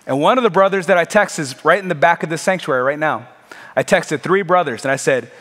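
A man's voice: on the high side, fast, a bit bright, in a large hall. A man preaching a sermon in a church sanctuary, with an impassioned, conversational delivery and emphatic repetition. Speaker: pastor.

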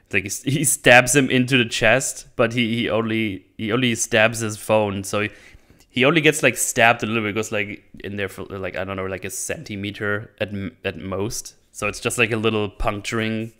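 Man, lowish voice, casual film recap, rambling, laughs a lot, acts out lines. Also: fairly even intonation, normal speed, sharp tone. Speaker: channel host reviewing a movie. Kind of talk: casual movie recap and commentary.

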